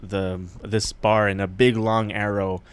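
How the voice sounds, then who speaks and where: A man's voice: fairly low pitch, flat delivery, measured pace, clear, resonant tone. A man on a podcast, casually retelling a show's plot in a rambling way, acting out the characters' lines and laughing often. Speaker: podcast co-host.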